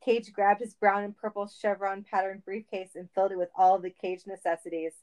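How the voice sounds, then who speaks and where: A woman reads a comic story aloud with playful timing. Her voice sits in a middling range, and she keeps the narration lively and teasing. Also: medium pitch, a little fast, low-quality recording. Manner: playful, laughing.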